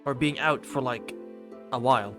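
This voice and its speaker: A male streamer reading a visual novel aloud and reacting casually, animated and swearing freely while he talks to chat. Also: mid-range voice, normal speed, over music.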